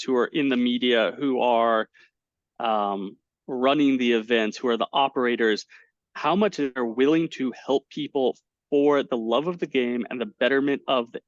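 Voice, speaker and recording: A man's voice: mid-range voice, normal speed, dry recording. Chatty man on a dull, dry call line. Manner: animated storyteller, many fillers and restarts. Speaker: guest, poker commentator. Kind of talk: casual interview over video call. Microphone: webcam setup at home.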